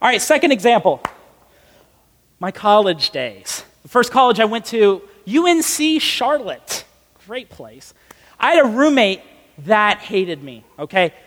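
A young man in his twenties preaching in a casual storytelling style, animated, emphatic and self-mocking. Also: sits high, unhurried. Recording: long echoey hall reverb.

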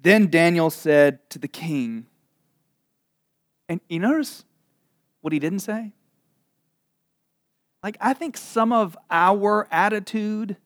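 A man preaching a sermon, reading scripture slowly and dramatically, then retelling it with laughs and casual asides. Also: high voice, no echo, studio quality. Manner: animated storytelling with frequent laughs and asides.

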